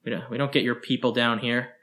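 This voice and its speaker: A man's voice: medium pitch, steady tone, fairly quick, bright, forceful tone, lightly acted. A man voicing a bitter, exhausted woman who speaks in a slurred, sneering way. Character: bitter, worn-out drunk woman, venomous.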